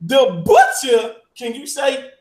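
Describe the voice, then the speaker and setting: A man with a high voice hosts a live stream interview. He talks up his guest and keeps urging viewers to hit like and send in questions, and his voice rings around an echoey room. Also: huge pitch swings, slow pace. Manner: hypes the guest, asks viewers to engage. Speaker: host.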